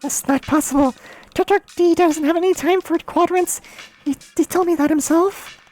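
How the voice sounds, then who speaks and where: A proud young alien girl argues her case in a high, indignant voice, as a woman streamer puts her on. She sounds defensive and quick to take offence, with light music playing under her. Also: darkish tone. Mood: defiant.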